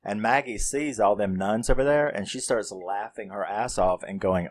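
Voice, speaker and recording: A man's voice: lowish voice, moderate pace, few pauses. A man casually retelling a horror comedy's plot, rambling and swearing as he acts out the characters' lines. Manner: rambling, profane, acts out quotes. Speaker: movie reviewer.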